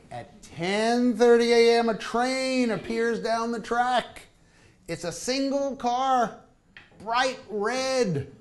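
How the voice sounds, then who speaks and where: High lively guy reading travel tales live, wry asides, takes his time. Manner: wry, animated, comic asides. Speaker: storyteller reading travel stories. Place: small live performance venue.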